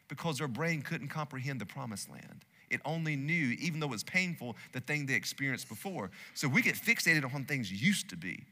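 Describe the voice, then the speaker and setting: A male pastor preaching with a bright, forceful, somewhat high voice, swinging between loud declarations and quiet asides. The sound carries long reverb from a large church sanctuary. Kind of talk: sermon.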